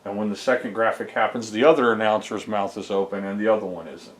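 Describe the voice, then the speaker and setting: A man's voice: fairly low pitch, fairly even intonation, quick pace, echoey room. A man, a homebrew game developer, casually walks through his game code. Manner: rambling, explains code step by step with fillers. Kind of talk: casual screen-recorded dev vlog.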